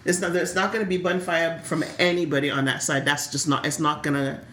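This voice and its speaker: A woman co-hosting a casual podcast chat, animated, often repeating words as she starts a thought. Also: deep voice, brisk, reverberant, slight background noise. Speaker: podcast co-host. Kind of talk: casual chat about a soap opera.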